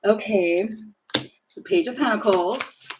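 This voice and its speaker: A woman reads tarot cards in a relaxed, unhurried way and thinks aloud as she goes. She sounds giddy and keeps breaking into giggles. A faint hiss of noise sits under her voice. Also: mid-range voice. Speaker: tarot reader. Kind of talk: casual tarot reading.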